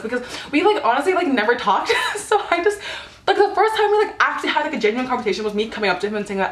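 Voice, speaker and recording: A woman's voice: on the high side, sing-song, rapid-fire, fairly bright tone, echoey room. A teenage girl telling embarrassing stories to camera in a chatty, casual way, peppered with "like" and acted-out quotes. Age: teens. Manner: chatty, lots of "like", acts out quotes. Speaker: vlogger.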